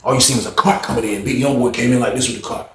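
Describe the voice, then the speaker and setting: A man casually telling a story, animated and repetitive as he acts out each scene. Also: medium pitch, very fast, echoey room.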